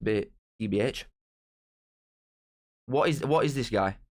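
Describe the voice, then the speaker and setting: A young man hosting a live stream, talking straight to his chat in an excitable, bantering way. His voice sits at an ordinary middle pitch for a man. He keeps things casual and jokey. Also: slow pace.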